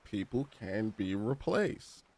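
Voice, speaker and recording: A man doing a laid-back let's-play, rambling in loose slang and laughing between lines. His voice is on the low side, and he reads the game's text aloud as he goes. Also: sing-song, slow pace, a little mellow. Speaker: gaming streamer. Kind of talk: casual let's-play commentary.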